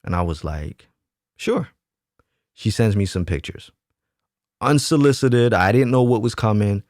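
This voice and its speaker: A man's voice: on the low side, normal speed, darkish tone, no echo, clean studio sound. A man hosting his own channel, telling a story in a casual, slangy way and acting out quoted arguments in changing voices. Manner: slangy, repeats himself for emphasis. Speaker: channel host. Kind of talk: casual storytime monologue to camera.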